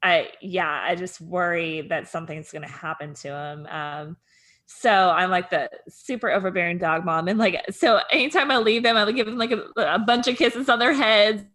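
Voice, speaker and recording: A woman's voice: fairly low pitch, moderate pace, fairly bright tone. A woman co-hosting a podcast in casual chat, rambling with frequent laughs and fillers. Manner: rambling, laughs often, lots of "like". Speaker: podcast co-host.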